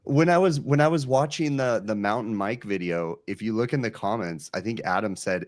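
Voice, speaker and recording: Low-voiced man joking on a video call. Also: moderate pace, few pauses, dry recording. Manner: joking, chatty, swears casually. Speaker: podcast co-host. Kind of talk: casual banter on a video call.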